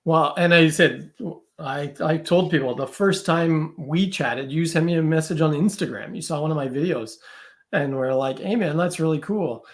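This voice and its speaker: A man's voice: a little high, normal speed. A man talking as a podcast guest in casual conversation, chatty and loose, full of fillers and quoted asides.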